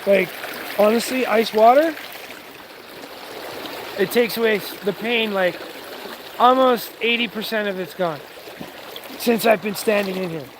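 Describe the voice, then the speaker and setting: A man vlogging outdoors while standing in a stream with his dog, musing slowly and emotionally and coaxing the dog to talk. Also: high voice, noisy background. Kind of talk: casual outdoor vlog.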